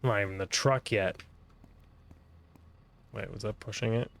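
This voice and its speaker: Tired, low-voiced man playing a game. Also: a little slow, gravelly. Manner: tired, mumbling, swears offhand. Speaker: gaming streamer. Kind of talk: casual let's-play commentary.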